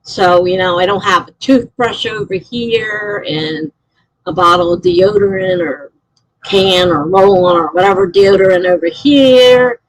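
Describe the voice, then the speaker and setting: A woman's voice: mid-range voice, a little slow, dry recording, rough recording. A middle-aged woman live streaming, telling a story in a rambling, chatty way with lots of fillers. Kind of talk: casual chat.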